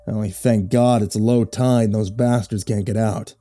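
Narrator as tall fisherman-councilor: rough, urgent, low, dark tone. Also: fairly even intonation, moderate pace, natural voice.

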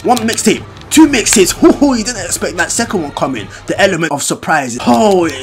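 A young man giving loud, excitable gameplay commentary full of trash talk, swearing and sudden outbursts. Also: high-pitched, brisk, faint music behind. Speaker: gaming YouTuber.

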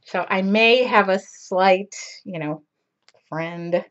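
A woman's voice: medium pitch, slow pace, a bit bright, highs cut off. A middle-aged woman teaching a live-streamed painting session in a chatty, rambling way, laughing often. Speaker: art instructor.

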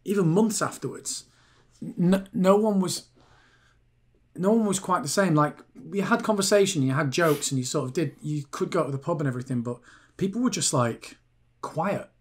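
Male co-host in his forties, casual rambling talker, fairly high pitch. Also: moderate pace. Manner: rambling, restarts thoughts, asks his co-host questions. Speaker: podcast co-host. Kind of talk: casual chat.

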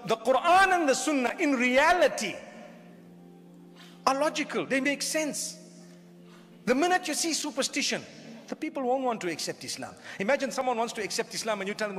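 This man's voice is very high-pitched and somewhat bright as he gives an Islamic lecture sermon. He keeps it humorous and conversational, firing off rhetorical questions, and the recording carries a long hall reverb.

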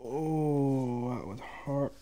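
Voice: medium pitch, drawn-out words, dark tone. A streamer giving casual commentary while browsing a game's moves, laughing often and swearing freely.

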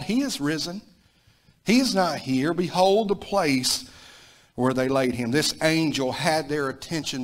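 A Southern American preacher delivering a sermon with an emphatic, repetitive style. He builds to loud peaks and then drops low, in a mid-pitched man's voice. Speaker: pastor.

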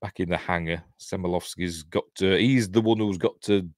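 A middle-aged man with a Yorkshire accent hosts a casual film commentary in a low-pitched voice at a moderate pace. He wanders off topic, chuckles and breaks off mid-sentence. The sound is dry and studio-clean.

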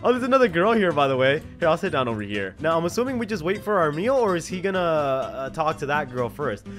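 Young male gaming host, high and very animated, giggly, quick reactions, faint music underneath. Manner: excitable, laughs often, reads in-game chat aloud. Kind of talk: casual gameplay commentary.

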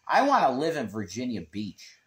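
A man from northeastern Pennsylvania with a local accent, chatting loosely and animatedly while reading viewer comments. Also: medium pitch. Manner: animated, rambling, quick to laugh. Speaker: livestream host. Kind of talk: casual chat reading comments.

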